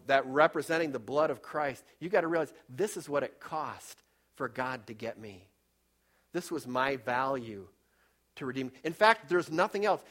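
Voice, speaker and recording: Fervent male preacher telling a story. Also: a little high. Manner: storytelling, rises and drops in loudness for emphasis. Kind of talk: sermon.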